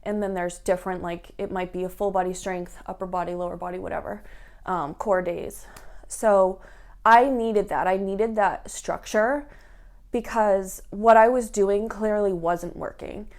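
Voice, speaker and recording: A woman's voice: mid-range voice, steady tone, a little slow, darkish tone. A young woman from the United States telling her own fitness story in a chatty vlog, full of "like" and "um". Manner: chatty, lots of fillers like "like" and "um". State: tearful at moments. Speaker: fitness vlogger. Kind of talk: personal vlog talk.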